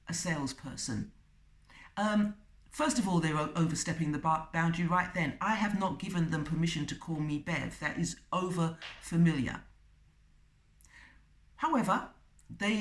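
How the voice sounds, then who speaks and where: Woman presenter, low voice, emphatic advice with repeated phrases; distant mic, roomy echo. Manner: emphatic, repeats key phrases, pauses with fillers. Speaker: self-help video presenter. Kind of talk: advice talk to camera.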